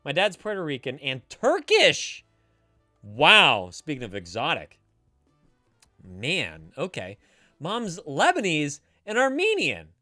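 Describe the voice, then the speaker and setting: Male streamer host, swears a lot, teases chat, bright lively voice, dry close mic. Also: on the high side, slow, no echo, faint music behind. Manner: profane, loud and teasing, drinking beer. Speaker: streamer giving advice to chat. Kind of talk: casual live-stream chat, reading chat aloud. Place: home streaming setup, San Francisco.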